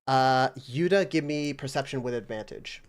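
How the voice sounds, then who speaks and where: A man's voice: medium pitch, moderate pace, clean tone. A man narrating a tabletop game as game master, casual and loose, with plenty of fillers.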